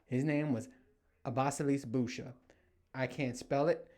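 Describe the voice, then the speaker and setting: Guy in his 30s ranting on his home podcast, swears a lot, does little voices for quotes, normal pitch. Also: measured pace. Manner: animated storytelling, heavy swearing, acts out quotes. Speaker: podcast host. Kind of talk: casual solo podcast rant.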